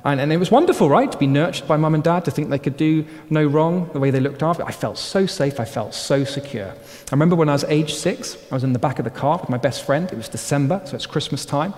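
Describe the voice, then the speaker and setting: A man preaching a sermon as pastor, earnest and exhorting, often dropping to quiet, emphatic phrases. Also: on the high side, expressive, quick pace. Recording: long hall reverb.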